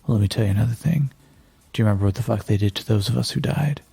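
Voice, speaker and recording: A man playing a profane, commanding male rebel fighter in a tabletop game, his low voice gravelly and husky. He snaps orders bluntly and swears freely, and his tone stays dark and rough. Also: very fast, no echo, full character voice. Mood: fiery. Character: hard-bitten male resistance fighter rallying troops.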